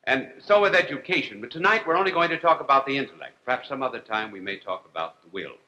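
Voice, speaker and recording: A priest delivering a humorous televised lecture, wry and deliberate, with dry jokes and long pauses. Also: male voice, medium pitch, expressive, bright, forceful tone, rough recording. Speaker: priest and TV host.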